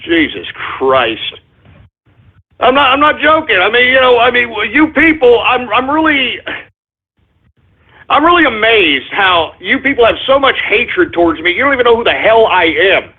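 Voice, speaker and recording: A man's voice: very high voice, expressive, moderate pace, husky. A man hosting an internet radio show, ranting at his listeners in an exasperated, berating way. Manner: exasperated, berating, swears often. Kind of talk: ranting call-in radio monologue. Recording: tinny phone-line sound.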